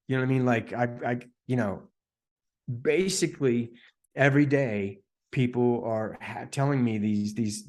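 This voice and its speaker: A man guest on a podcast, telling a story in a casual, animated way, full of "dude," "man" and "like," and acting out the voices of the people in it. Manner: animated, heavy filler words, "dude" and "man"; acts out quoted voices with big pitch jumps. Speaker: podcast guest, energy healer.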